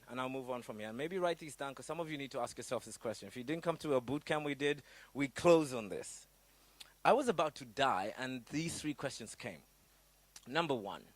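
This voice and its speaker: A man's voice: mid-range voice, no echo. A man from Africa, a startup business coach, giving a candid motivational workshop talk full of stories, swearing and questions to the audience.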